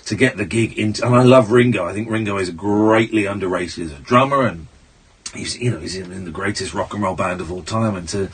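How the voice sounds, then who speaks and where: A man hosting a late-night radio show, chatting with animated, stammering restarts. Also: lowish voice, brisk, husky, far from the mic, poor audio. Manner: animated, stammering restarts, loud jokey asides. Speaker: radio host. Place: radio studio.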